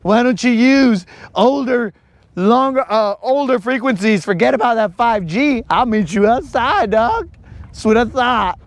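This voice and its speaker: A man putting on the voice of a rowdy young man who taunts and shouts, full of slang. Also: very high-pitched, a little slow, vocal fry, no echo, pitched above the performer's own voice, heavily acted. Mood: taunting.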